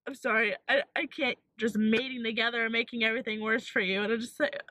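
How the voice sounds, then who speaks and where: A young woman vlogging while sick with a sore throat, telling an animated storytime with lots of likes and acted-out quotes. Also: fairly high pitch, fast, dry recording. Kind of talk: casual storytime vlog.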